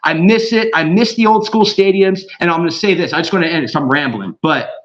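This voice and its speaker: A man with a high, bright voice talks in a loose, rambling podcast chat, piling on slang and restarts. The sound is dull and lo-fi, like a muffled call-in feed. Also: quick pace, a little hiss or hum. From Southern California. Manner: excited, rambling, slangy, mimics others in quoted voices. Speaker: guest. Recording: dull lo-fi audio.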